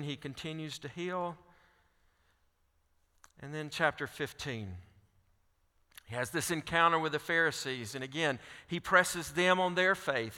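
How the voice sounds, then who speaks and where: A man's voice: on the high side, bright, forceful tone, clean tone. A man preaching a sermon, reading scripture aloud and pressing questions on his listeners. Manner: reads scripture aloud, then presses questions with rising intensity. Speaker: pastor. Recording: long hall reverb.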